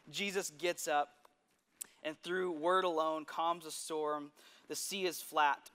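A man preaching a sermon, retelling scripture stories with lively asides and sudden drops to a hush. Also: fairly high pitch, slow, clean tone.

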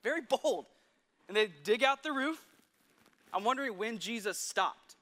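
A man preaching a sermon, retelling scripture stories with lively asides and sudden drops to a hush. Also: very high voice, normal speed.

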